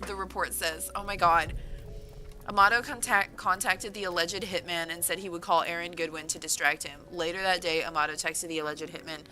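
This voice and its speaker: Bright-voiced woman reacting on a livestream. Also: on the low side, fairly quick, faint music behind, poor audio. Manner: animated, exclaiming in disbelief between read-out passages. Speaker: author livestreaming a writing session. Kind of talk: livestream, reading a news report aloud and reacting.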